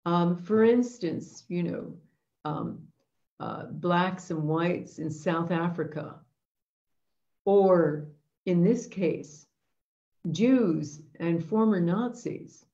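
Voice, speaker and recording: Slow, earnest woman with a mellow voice. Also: fairly low pitch, lo-fi sound. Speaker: host leading an intention webinar. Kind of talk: reflective storytelling talk.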